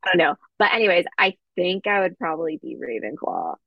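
Woman, young adult, Southern California accent, chatty, many fillers, lowish voice, dry dull lo-fi audio. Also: sing-song, brisk, gravelly, no room sound. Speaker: podcast co-host. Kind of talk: casual chat.

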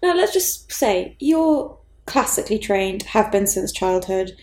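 A woman co-hosting a casual chat, eager and quick to jump in with encouragement. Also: mid-range voice, sing-song, darkish tone, roomy sound. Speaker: podcast co-host.

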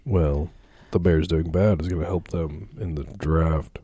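A man's voice: deep voice, steady tone, a little slow, mellow, breathy edge, no echo. A man appearing as a podcast guest, chatting casually and dropping dry, teasing remarks. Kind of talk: casual chat.

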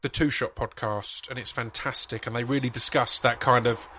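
Bright, eager man chatting on a podcast. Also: mid-range voice, fairly even intonation, normal speed. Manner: enthusiastic, stumbles and repeats words. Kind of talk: casual conversational chat.

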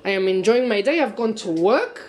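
A woman's voice: mid-range voice, animated, brisk, darkish tone. A woman in her forties with a Gibraltarian accent, co-hosting a casual chat, blunt and sarcastic, switching between English and Spanish mid-sentence. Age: 40s. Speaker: co-host.

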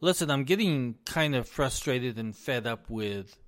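A man hosting a solo commentary, folksy and relaxed at first, then insistent and heated about the economy. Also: medium pitch, unhurried. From US East Coast. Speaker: business administrator, commentary host. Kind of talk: opinionated commentary.

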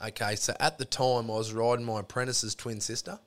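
A man's voice: medium pitch, steady tone, brisk. A man with an Australian accent, a podcast guest telling crude, profane stories in casual chat and acting out both sides of the arguments.

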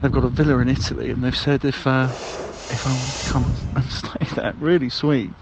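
A man's voice: medium pitch, fairly even intonation, moderate pace, noisy background. A man leaving rambling, cheerful voicemails as a balloon ride passenger, with many hesitations. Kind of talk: comic voicemail monologue.

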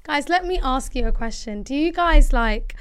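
A woman's voice: sits high, lively intonation, normal speed, fairly bright tone. A young woman co-hosting a podcast, chatting playfully and teasing her friend. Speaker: podcast co-host. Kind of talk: casual chat.

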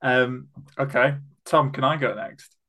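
A man's voice: mid-range voice, a little slow, bright, forceful tone. A man hosting a casual football podcast, chatty and full of ums as he steers the segment. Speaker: podcast host. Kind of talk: casual chat.

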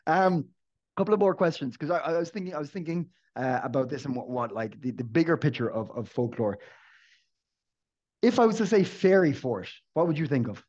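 A man's voice: on the high side, expressive, a little fast, darkish tone, dull audio. A man co-hosting a casual podcast, joking and laughing often as he talks, with frequent restarts. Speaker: podcast co-host.

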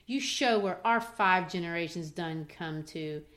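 A woman's voice: fairly low pitch, unhurried, fairly bright tone. A woman reading out the firm, commanding lines of a proud older mother in a play. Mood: stern.

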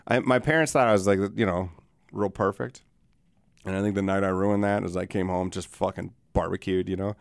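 This middle-aged man hosts a podcast in a low, gravelly yet clean voice with fairly even intonation, speaking briskly with no room sound. His casual storytelling on a studio mic rambles, is heavily profane, and is full of laughter.

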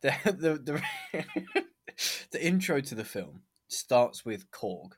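Giggly young man, lively voice. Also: mid-range voice, slow, breathy edge, no echo, clean studio sound. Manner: giggly storyteller, frequent laughs. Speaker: podcast co-host. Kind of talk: casual chat.

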